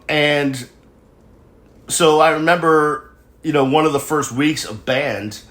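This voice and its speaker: A man's voice: medium pitch, a bit bright, roomy sound. A man in his forties from New England, hosting his show and telling a long personal story in a digressive, conversational way with self-deprecating asides. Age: 40s. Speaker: show host. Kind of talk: casual storytelling monologue.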